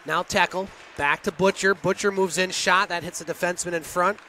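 Play-by-play man, high and bright, quick clipped calls, faint hiss behind. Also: fairly even intonation. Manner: rapid, clipped play calls with chatty asides. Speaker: play-by-play announcer. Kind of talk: hockey play-by-play commentary.

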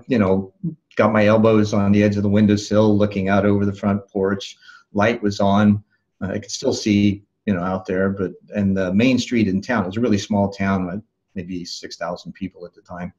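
A man being interviewed as a life coach, recounting a memory in a calm, thoughtful way with soft laughs and restarts. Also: fairly low pitch, normal speed, dull audio. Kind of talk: reflective interview storytelling.

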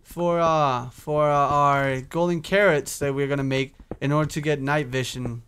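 A young man's voice, on the high side and fairly bright, stays fairly even in intonation at normal speed, with slight background noise. He's a gaming YouTuber casually commenting on his Minecraft gameplay, talking to himself, humming and swearing.

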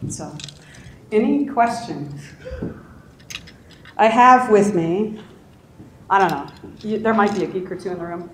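A middle-aged woman talks to a conference room in a relaxed, conversational way, checking in with the audience as she goes. Her voice rings out in a very echoey room. A faint hum sits underneath. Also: mid-range voice, measured pace, pauses often. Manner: conversational, with frequent tag questions. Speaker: conference speaker. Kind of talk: conference talk.

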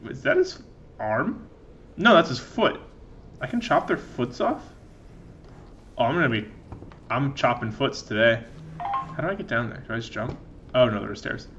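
Young dude doing lets play commentary, sarcastic, bright tense voice, faint noise behind. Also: male voice, mid-range voice, big pitch swings, normal speed, pauses often, dull audio. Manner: rambling, sarcastic and profane. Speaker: let's play gamer. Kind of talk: casual gameplay commentary.

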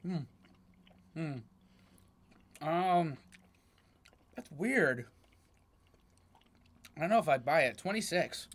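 A man's voice: a little high, expressive, drawn-out words, long pauses. An American man hosting a casual taste test, humming as he tastes and giving scores. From United States. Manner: lots of appreciative hums while tasting. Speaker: taste-test show host. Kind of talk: casual chat.

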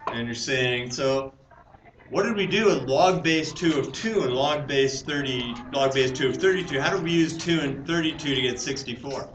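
A man's voice: mid-range voice, moderate pace, a bit bright. A male math teacher lecturing a class, explaining step by step and questioning the students. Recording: roomy, distant classroom mic with hiss.

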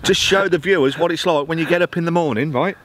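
A man's voice: on the high side, fast, fairly bright tone, poor audio. A man from the UK bantering with his friend in a casual travel vlog, defending himself and joking. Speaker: vlogger.

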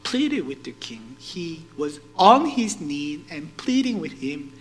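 High, lively-voiced male pastor. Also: slow pace, faint music behind, low-quality recording. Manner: animated, rhetorical questions to the congregation. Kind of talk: sermon.

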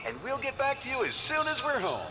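Tom, a chirpy answering-machine husband. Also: male voice, very high voice, huge pitch swings, fairly quick, full character voice, rough recording. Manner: chirpy, sing-song.

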